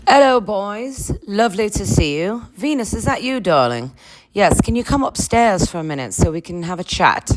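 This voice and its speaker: A woman's voice: mid-range voice, animated, normal speed, heavy background noise, pitched above the performer's own voice, close to an everyday voice. A woman voicing a posh, haughty older lady of the manor who drawls "darling" at everyone.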